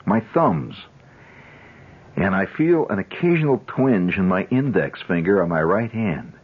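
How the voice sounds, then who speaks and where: Husky, rambling male radio storyteller. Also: sits low, big pitch swings, unhurried. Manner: rambling, conversational, chuckling asides. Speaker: radio host. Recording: dull 1970s radio broadcast.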